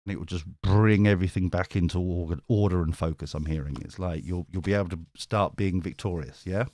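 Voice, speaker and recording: A man's voice: sits low, fairly even intonation, brisk, darkish tone, no room sound. Rambling British man reading tarot. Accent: British English. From Britain. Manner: rambling, chatty, swears casually, gets sidetracked. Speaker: tarot reader. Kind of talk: live-streamed tarot reading and chat.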